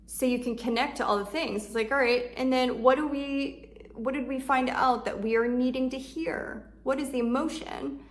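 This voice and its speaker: A woman talking through emotional self-care in a relaxed, chatty way, full of fillers and restarts. When she voices the kind words she says to herself, she slows and softens into a hush. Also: sits high. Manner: conversational, filler-heavy, drops soft and slow when voicing comforting self-talk. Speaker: shadow work coach. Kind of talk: casual self-help talk.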